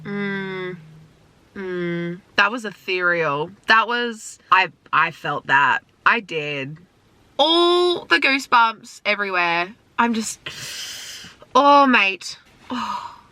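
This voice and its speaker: A woman's voice: medium pitch, expressive, takes it slowly, sharp tone, dry recording. A young woman vlogging her reaction to music from inside her car, gushing and emotional. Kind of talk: casual reaction commentary. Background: album music playing.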